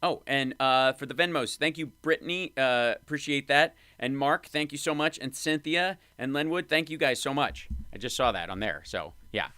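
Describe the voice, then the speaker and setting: Host guy on his stream, bright punchy voice, dry close mic, cracking jokes at clips. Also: mid-range voice, smooth, no room sound. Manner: wry, excitable, quick reactions. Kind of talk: live-stream political commentary.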